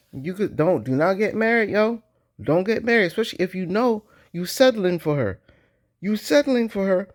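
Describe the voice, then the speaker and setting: Slangy man riffing on marriage. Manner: animated, slangy, jumps into high-pitched mock voices. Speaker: vlogger. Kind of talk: casual commentary.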